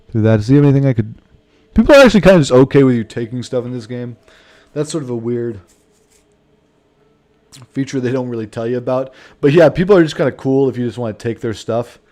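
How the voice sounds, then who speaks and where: A man's voice: mid-range voice, expressive, fairly quick, warm tone. A man streaming a video game, rambling and joking in casual commentary, swearing freely and calling people man. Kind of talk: casual let's-play commentary.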